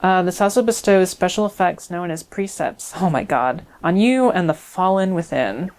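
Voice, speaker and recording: A woman's voice: on the low side, animated, moderate pace, darkish tone. Rambling young woman gaming commentary. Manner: rambling, filler-heavy, chatty. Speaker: let's play host. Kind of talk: casual let's play commentary.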